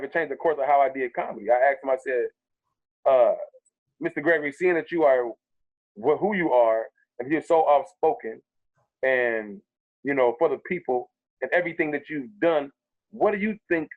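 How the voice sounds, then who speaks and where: A man who is a comedian guest, telling stories in a casual interview, animated and profane, acting out what people said to him. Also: medium pitch. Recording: tinny phone-like sound.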